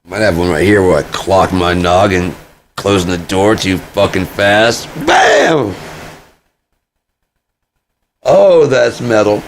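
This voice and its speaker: A man's voice: sits low, fairly even intonation, measured pace. Man, rambling monologue, foul-mouthed, self-mocking, faint background noise. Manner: profane, joking, self-mocking. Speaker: vlogger.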